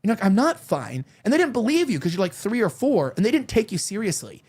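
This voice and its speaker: A man's voice: high-pitched, sing-song, quick pace, a little mellow, husky. A man in his thirties hosting a talk show, chatting candidly and rambling with lots of fillers and restarts. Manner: candid, confiding tone. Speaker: show host. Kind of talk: casual chat.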